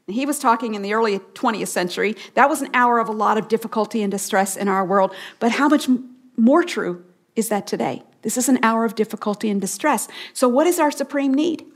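A woman with a voice pitched a little high, teaching the Bible on a radio broadcast. She speaks earnestly and with emphasis, repeating her key phrases. At moments she falls to a soft hush to stress a point. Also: quick pace.

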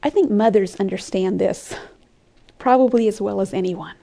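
A woman giving an earnest sermon-style Bible teaching, often dropping her voice to a soft whisper for emphasis. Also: medium pitch, normal speed, creaky. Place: conference room with an audience.

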